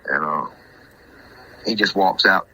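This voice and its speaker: A man's voice: deep voice, slow pace, sharp tone, husky, poor audio. A man, a podcast guest telling a hunting story in a rambling way, often repeating and restarting himself. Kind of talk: casual storytelling.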